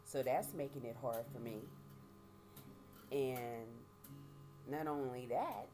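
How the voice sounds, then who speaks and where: A middle-aged woman giving a halting, emotional personal testimony, often repeating words and speaking of her faith. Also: very deep voice, animated. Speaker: vlogger sharing life after prison.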